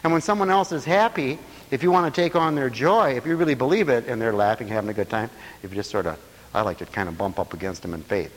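A man preaching a lively sermon, breaking into laughter and playful asides. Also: quick pace, in a large hall. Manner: animated, swooping pitch, laughing asides.

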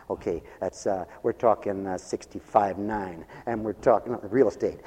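A middle-aged man preaching a storytelling sermon, rambling with restarts and swinging from hushed asides to loud, dramatic outbursts. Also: low voice, fairly even intonation, moderate pace, hardly any pauses, slightly rough, lo-fi sound. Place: church with a balcony. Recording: long reverb from a church hall.

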